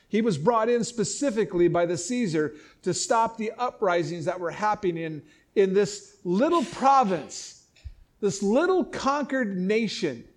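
Impassioned middle-aged male pastor, high voice, emphatic sermon delivery. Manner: emphatic, impassioned preaching with repeated restarts. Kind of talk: sermon, reading and explaining scripture.

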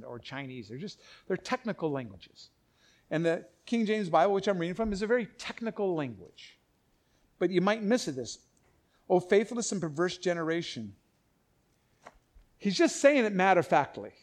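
Male Bible teacher, high voice, loose animated sermon delivery. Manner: animated, acts out voices, trails off and restarts. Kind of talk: conversational sermon.

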